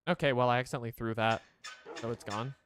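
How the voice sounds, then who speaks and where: A man's voice: mid-range voice, steady tone, quick pace, fairly bright tone, a little hiss or hum. A man streaming a game, chatting casually to his viewers and rambling as he plays. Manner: rambling, chatty, talks to chat.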